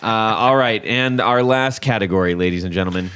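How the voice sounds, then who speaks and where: A man with a fairly low voice hosts a loose podcast conversation among friends. He talks in bursts and laughs often, and his sentences tend to trail off and restart. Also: moderate pace, a bit bright, a little hiss or hum. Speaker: podcast host. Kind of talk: casual chat.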